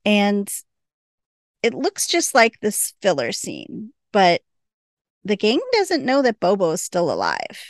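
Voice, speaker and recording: A woman's voice: medium pitch, huge pitch swings, slow pace, no room sound, clean studio sound. A woman casually recapping a TV episode on a podcast, chatty and laughing often as she quotes the characters. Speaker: podcast co-host.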